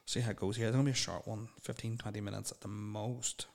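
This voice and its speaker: A man's voice: lowish voice, level tone, quick pace, creaky, darkish tone. A young man hosting a solo podcast, rambling and swearing bluntly as he answers listener questions. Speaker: podcast host.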